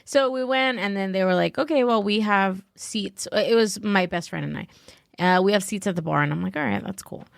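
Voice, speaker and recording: A woman from Los Angeles guests on a podcast, telling a story in casual chat that's packed with "like" fillers and animated, acted-out quotes delivered in a higher voice. She talks fairly quickly with a creaky voice, and the recording is dry with clean studio sound.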